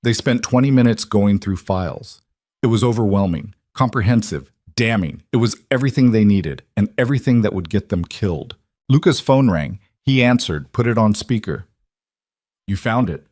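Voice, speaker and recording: Male narrator, low voice, steady dramatic reading, dry close sound. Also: normal speed, no echo. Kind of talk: scripted narration.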